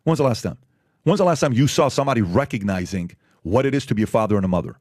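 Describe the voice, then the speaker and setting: A man's voice: medium pitch, animated, fast talker, a little mellow, no room sound, clean studio sound. A man hosting a podcast, talking emphatically and firing off repeated rhetorical questions. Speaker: podcast host. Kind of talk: opinionated podcast talk.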